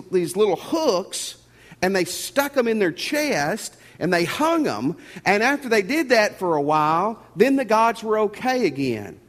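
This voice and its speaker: Animated pastor in an echoing hall. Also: male voice, sits high. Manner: folksy, animated preaching with repeated words. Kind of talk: sermon. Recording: long reverb of a church hall.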